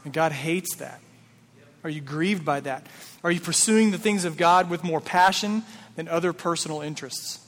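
A man's voice: on the high side, moderate pace, fairly bright tone. A male pastor giving a sermon, talking to the congregation in a conversational way and asking them many rhetorical questions. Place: church sanctuary. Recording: reverberant hall.

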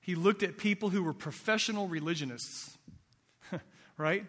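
In a large, long-reverberating hall, a high-voiced man with a fairly bright tone preaches at moderate pace. This pastor keeps things conversational, throwing rhetorical questions at his audience.

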